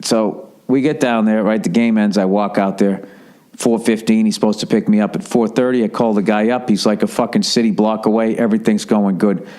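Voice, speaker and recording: A man's voice: on the low side, fairly even intonation, a little fast, darkish tone. A man hosting a podcast, telling a long story in a profane, rambling way. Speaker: podcast host. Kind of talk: casual podcast monologue.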